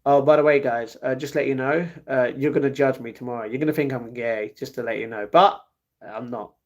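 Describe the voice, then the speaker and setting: A man's voice: medium pitch, fairly even intonation, brisk. A young man hosting a casual livestream, chatting loosely and replying to viewers' comments one after another. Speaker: livestream host reading chat.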